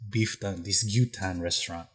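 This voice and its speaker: Low, husky male host; laid-back, swears freely, easygoing chat. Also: normal speed. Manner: laid-back, slangy, recapping a show. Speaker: podcast host. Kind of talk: casual chat.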